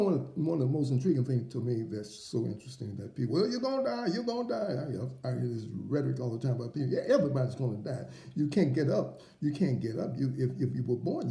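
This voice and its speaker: A man's voice: medium pitch, vocal fry, dark tone, echoey room. A man hosting a motivational faith program, preaching emphatically in repeated phrases and rhetorical questions.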